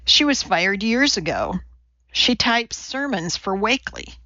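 A woman voicing a composed, serious female scientist with a dry wit, speaking in a measured way, in a storybook reading. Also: mid-range voice, sing-song, pushed and bright, no room sound, muffled recording.

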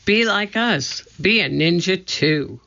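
An eager, coaxing little girl from a storybook, as the reader puts her on, her voice raised and swinging widely in pitch. It has a gravelly edge and a bright tone. The recording is dull and lo-fi. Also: lively intonation, slow, exaggerated voice. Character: bold cheerful young girl. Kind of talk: storybook reading.

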